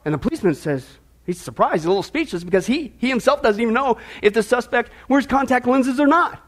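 High-voiced pastor joking from the pulpit. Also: male voice, lively intonation, fast talker. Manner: storytelling, chatty and playful with the congregation. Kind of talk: sermon opening with a joke.

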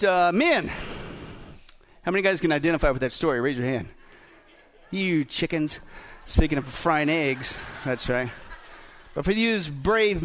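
Preach as a middle-aged pastor: keep your voice up high and let it swing widely, tease the room and keep asking them questions. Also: male voice, fairly bright tone, slight background noise. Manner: jokey, asks the crowd questions. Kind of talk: sermon.

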